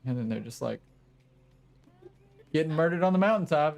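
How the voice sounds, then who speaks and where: A man's voice: a little high, expressive, normal speed, creaky, pauses often, darkish tone. A young adult man streaming a game, chatting casually in a rambling, joking, self-mocking way. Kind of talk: casual gaming commentary.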